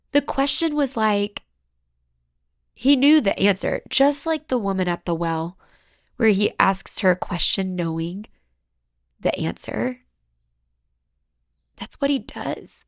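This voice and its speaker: A woman hosting a solo podcast, speaking in a raw, emotional, halting way and sometimes dropping into whispers. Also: mid-range voice, creaky, no room sound, clean studio sound. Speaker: podcast host.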